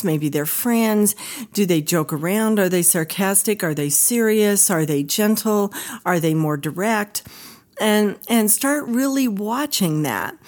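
A woman's voice: fairly low pitch, a little mellow. A woman who is a psychologist hosting an educational podcast, talking in a direct, conversational way. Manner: direct, conversational, acts out quoted voices. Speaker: psychologist host.

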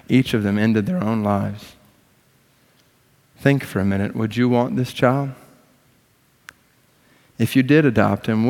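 A man preaching a sermon as pastor, slow and emphatic, moving from hushed tones to impassioned rises. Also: medium pitch. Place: church sanctuary. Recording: long reverb of a large hall.

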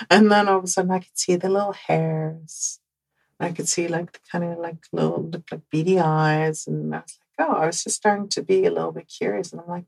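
A woman from the Netherlands with a Dutch accent, hosting a podcast and telling a personal story in an animated way, repeating words for emphasis and laughing often. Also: fairly low pitch, creaky, husky, poor audio. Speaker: podcast host.

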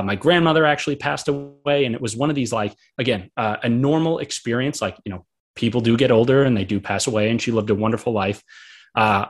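Earnest, husky-voiced young man rambling. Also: on the low side. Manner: rambling, earnest, heavy use of fillers. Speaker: author and guest. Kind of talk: candid personal storytelling.

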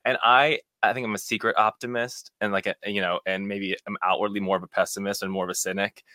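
Young man guest, fast talker, bright forceful voice, low-ish pitch, wry storyteller. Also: level tone, no echo. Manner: wry, self-mocking, heavy use of "like". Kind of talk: casual storytelling.

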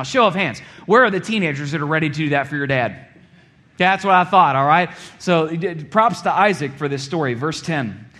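A man preaching a sermon in a conversational way, often checking in with the congregation and dropping low and quiet for dramatic moments.

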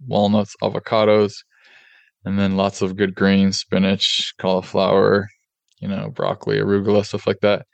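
A man hosting a podcast, telling a personal story candidly in a relaxed, conversational way with plenty of fillers. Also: lowish voice, normal speed, creaky, no echo. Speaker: podcast host and oral surgeon.

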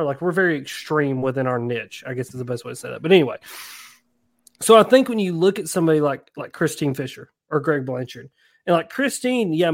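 A man with a somewhat higher voice, talking casually on a podcast. He is animated and self-deprecating, and he tosses in quick asides as he goes. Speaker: podcast co-host, angler. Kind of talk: casual chat.

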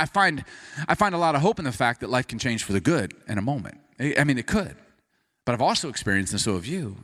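A man preaching a sermon, telling a self-deprecating personal story with lots of energy and then turning quiet and earnest as he moves into scripture. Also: fairly low pitch. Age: adult. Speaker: pastor.

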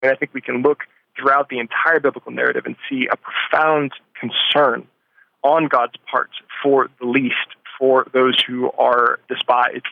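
A man's voice: medium pitch, vocal fry, no echo. Earnest man in a dull, dry recording. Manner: earnest, searching for words. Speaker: interviewee. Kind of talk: reflective storytelling interview.

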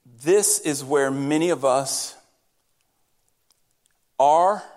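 Speaking at an extremely slow pace, a pastor with a somewhat mellow voice on the high side addresses his congregation during a church service. His sermon in the sanctuary feels like a direct conversation with them.

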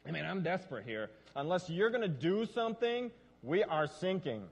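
A man playing a defeated disciple who has given up hope in a storm, talking in a desperate, resigned way. The voice is high and moves widely in pitch. Long hall reverb trails behind every word. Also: sing-song, normal speed, gravelly, full character voice. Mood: despairing. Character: despairing male disciple giving up in a storm.

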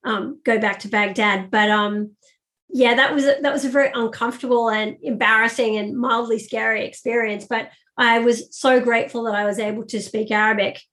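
A woman's voice: fairly high pitch, moderate pace. Woman telling a story in an interview. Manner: animated anecdotal storytelling with fillers. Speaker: guest, business strategist.

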